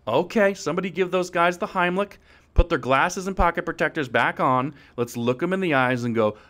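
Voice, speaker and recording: A man's voice: high voice, animated, fairly quick. Hyped-up male podcast host. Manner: hyped, jokey, swings from loud to hushed. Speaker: podcast host, financial advisor. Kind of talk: energetic podcast monologue.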